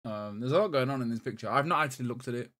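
A man's voice: mid-range voice, racing. A man in his thirties, co-hosting a gaming podcast in casual chat, swearing often and stumbling over restarts. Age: 30s. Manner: profane, excitable, stumbling restarts. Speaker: podcast co-host.

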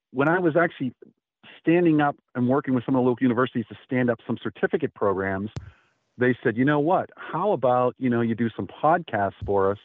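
Brief: man, rambling storyteller in an interview, even middle pitch, dry tinny phone-like sound. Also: no echo. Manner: rambling, animated storyteller acting out quotes. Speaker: radio host guest.

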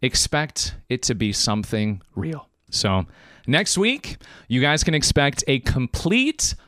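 Emphatic, emotional podcast host, lively pitch. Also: male voice, slow pace, no room sound, studio quality. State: choked up. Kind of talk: live-streamed podcast monologue.

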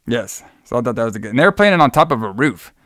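A man's voice: medium pitch, big pitch swings, very fast, fairly bright tone, dry recording, studio quality. A man co-hosting a podcast who recaps a movie in a rambling, laid-back way, laughing often and swearing freely. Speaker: podcast co-host. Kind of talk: casual movie recap chat.

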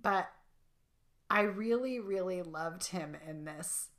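A woman co-hosting a casual chat, lively and laughing as she quotes lines in playful voices. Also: on the low side, slow. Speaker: podcast co-host.

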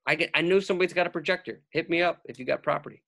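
A man's voice: fairly high pitch, rapid-fire, gravelly, fairly bright tone. A man hosting a podcast, telling stories in a loose, casual way and saying "dude" a lot. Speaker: podcast host. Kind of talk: casual chat.

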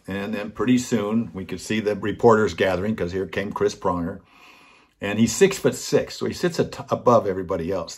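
A man's voice: on the low side, slightly rough. An older man hosting a weekly talk, telling a personal story earnestly and acting out the voices of the people in it. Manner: earnest, acts out quoted voices. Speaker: host.

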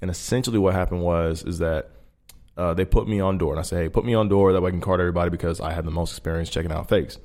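A man's voice: deep voice, steady tone, rapid-fire, darkish tone. A tired man, a podcast co-host, telling stories in a loose, profane way and laughing as he goes. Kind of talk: casual storytelling chat.

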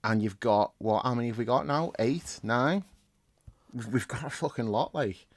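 A man talks football in a loose, casual chat. He is blunt and sweary, and his voice rises and gets loud and heated whenever he digs in on an argument. His pitch sits in the middle range for a man. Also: normal speed, no echo. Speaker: podcast co-host, football editor.

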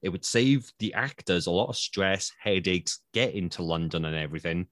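A man with a fairly low voice hosts a casual podcast about acting. He talks with animated energy and slips into playful quoted voices. The sound is close and dry. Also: normal speed, no echo. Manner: animated, acts out quoted voices with big pitch jumps. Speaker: podcast host, actor.

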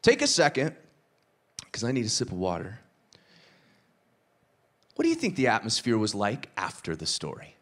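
A man preaching a sermon, retelling a parable with lively acted-out dialogue and casual asides. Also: normal speed, long pauses. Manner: animated storytelling, acts out dialogue with shifting pitch. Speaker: pastor.

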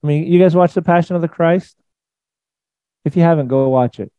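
A man preaching a sermon in a conversational, emphatic way, swinging between loud and soft. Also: fairly high pitch, a little fast, smooth, dry recording, dull audio. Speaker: pastor.

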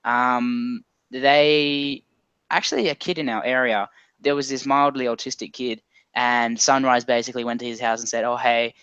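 A man's voice: medium pitch, steady tone, moderate pace, sharp tone, smooth, no echo, lo-fi sound. A man with an Australian accent co-hosting a casual podcast, easygoing and jokey. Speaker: podcast co-host.

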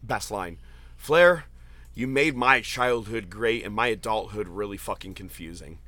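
A man hosting a casual podcast chat, retelling jokes with excited, profane laughter. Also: on the low side, unhurried. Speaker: podcast host. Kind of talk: casual chat recapping an event.

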